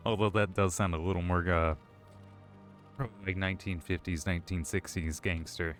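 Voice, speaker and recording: A man's voice: low voice, moderate pace, a bit bright, soft background music. A man giving casual, joking live-stream commentary while playing a game, rambling with restarts, drinking as he talks. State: drinking alcohol.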